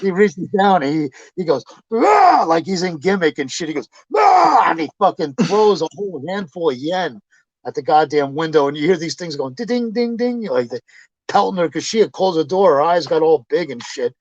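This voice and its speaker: A man being interviewed, casually telling profane, animated stories and acting out what people said. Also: on the high side, a little fast, no echo, lo-fi sound. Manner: profane, animated anecdotes with acted quotes. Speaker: interview guest, pro wrestler. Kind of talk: casual storytelling.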